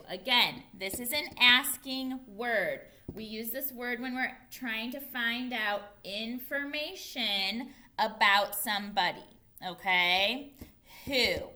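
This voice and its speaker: A young woman teaching a phonics lesson to small children, speaking slowly and patiently. Her voice is bright and clear. She stretches out each word so the children can follow along. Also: on the high side. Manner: slow, patient, over-enunciated for young children. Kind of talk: early-grade phonics lesson.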